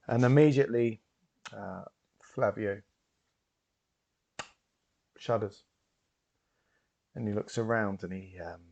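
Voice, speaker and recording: A man narrating a tabletop role-playing game as game master, relaxed and full of fillers. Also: on the low side, vocal fry. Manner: relaxed storytelling with frequent fillers.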